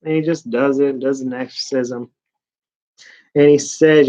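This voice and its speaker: A man recapping comic stories in a casual, mocking way, with deadpan asides as he rambles. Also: mid-range voice, unhurried, muffled recording. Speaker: comic book reviewer.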